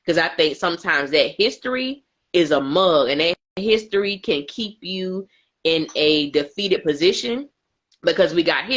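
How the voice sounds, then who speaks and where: A woman's voice: on the low side, a little slow. Emphatic woman, muffled stream. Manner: animated, emphatic, laughs often. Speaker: co-host. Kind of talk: casual aftershow chat.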